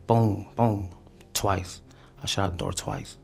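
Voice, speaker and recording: A man giving a police interview in halting speech, full of restarts and fillers, who rises loud and high when he acts out what was said. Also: steady tone, creaky, slight background noise. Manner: acts out quotes loudly, high and tense. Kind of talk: recorded police interview testimony.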